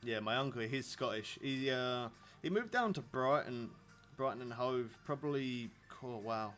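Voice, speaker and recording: A man's voice: medium pitch, lively intonation, unhurried, fairly bright tone, faint music behind. Chatty man streaming. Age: 30s. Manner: rambling, chatty, laughs often. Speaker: game streamer. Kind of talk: casual live-stream chat.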